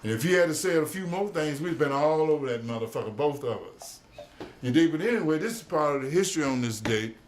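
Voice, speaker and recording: A man's voice: fairly high pitch, animated, fast talker, a little hiss or hum. A man in his seventies, a jazz musician, telling old stories in a streetwise, profane way and often asking "you dig?". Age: 70s. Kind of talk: storytelling recollection. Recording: roomy echo with faint music behind.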